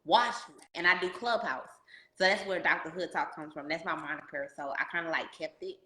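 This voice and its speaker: Podcast host, woman, lower pitch, bright tone, lively slangy storyteller, roomy echo. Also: brisk. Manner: animated storyteller, slangy, addresses listeners as y'all. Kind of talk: casual podcast interview.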